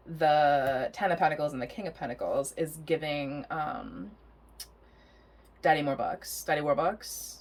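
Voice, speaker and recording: A woman's voice: deep voice, moderate pace. A young adult woman giving a casual tarot reading, rambling and chatty, laughing often and swearing freely. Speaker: tarot reader.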